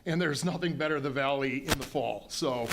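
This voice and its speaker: A man's voice: mid-range voice, normal speed, background noise. A man, a county official answering questions at a town hall in a folksy, conciliatory way with frequent ums and restarts. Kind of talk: public town hall remarks.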